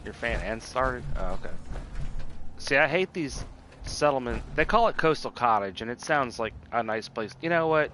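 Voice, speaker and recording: A man's voice: medium pitch, animated, moderate pace, bright, forceful tone, slight background noise. Rambling, profane male game streamer. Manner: rambling, profane, self-interrupting. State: tipsy from drinking. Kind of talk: casual gameplay commentary.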